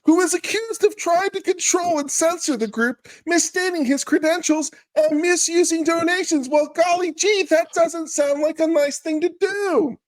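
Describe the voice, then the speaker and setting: A man's voice: extremely high pitch, moderate pace, hardly any pauses, no echo, low-quality recording. A man doing a goofy, sing-song mock-innocent voice as part of a comedic dramatic reading.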